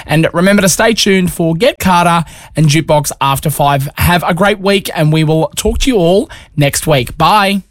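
A man co-hosting a radio show, giving a friendly, quick sign-off. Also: fairly high pitch, no room sound. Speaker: radio co-host.

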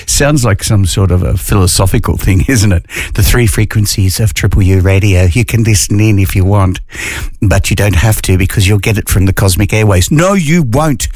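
A man's voice: on the low side, normal speed, dry recording, clean studio sound. A man hosting a community radio show, playful and self-mocking with chuckling asides. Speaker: radio host. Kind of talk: casual radio banter. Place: radio studio.

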